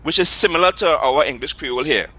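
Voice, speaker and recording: Bright-voiced Trinidadian man explaining patiently. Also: a little high, fast talker, rough recording. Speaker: Patois teacher. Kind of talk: explanatory interview talk.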